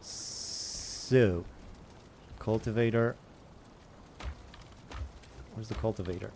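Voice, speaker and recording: A man's voice: lowish voice, extremely slow, darkish tone, slight background noise. A man giving rambling, self-mocking commentary while he plays a survival game and answers chat. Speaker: gaming streamer. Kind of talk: casual let's-play commentary.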